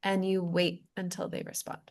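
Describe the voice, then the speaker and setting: A woman's voice: lowish voice, monotone, normal speed, crowd noise. Woman on a video call talking through her sales habits, easygoing and thoughtful. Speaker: participant. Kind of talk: casual group discussion.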